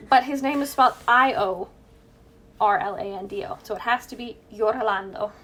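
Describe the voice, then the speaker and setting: A woman's voice: a little high, normal speed, a bit bright. A woman co-hosting a true crime podcast, chatting casually, joking and laughing at her own asides. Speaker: podcast co-host.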